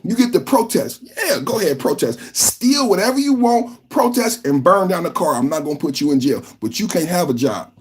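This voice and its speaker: A podcast host from California, giving live reaction commentary in an emphatic, repetitive rant. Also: male voice, high voice, big pitch swings, normal speed, few pauses, slight background noise.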